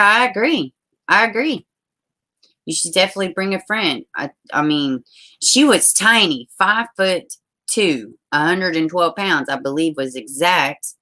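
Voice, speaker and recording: A woman's voice: low-pitched, pushed and bright. A woman hosting a casual live stream, chatting and reading out viewer comments, blunt and ready to swear. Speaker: livestream host. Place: home.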